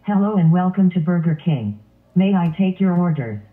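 A man voicing a polite fast-food cashier with stiff, formal service phrases. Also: high-pitched, lively intonation. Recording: tinny phone-like sound.

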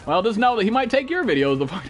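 A man's voice: high voice, very animated, quick pace. A young man streaming a game live, greeting viewers and joking in loose, profane, rambling talk. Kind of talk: live gameplay stream chat.

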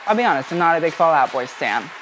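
A woman's voice: sits low, expressive, fast talker, over music. A woman from the UK giving chatty, sassy fashion reaction commentary as a vlogger. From United Kingdom.

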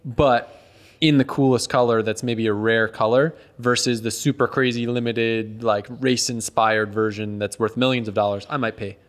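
A man's voice: mid-range voice, steady tone, moderate pace. A man talking as a podcast guest, explaining in a thoughtful, hedging way and repeating words as he goes. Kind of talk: casual chat.

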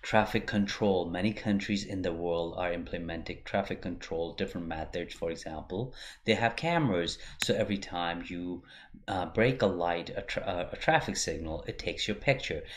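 Deep-voiced man teaching over slides. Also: moderate pace. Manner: plain, steady explaining with frequent fillers and restarts. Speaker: course instructor.

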